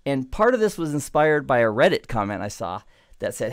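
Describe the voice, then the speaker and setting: Man, middle-aged, networking instructor, relaxed and chatty, mid-pitched voice. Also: fairly quick. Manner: relaxed, chatty, self-deprecating digressions. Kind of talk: screen-recorded tech tutorial.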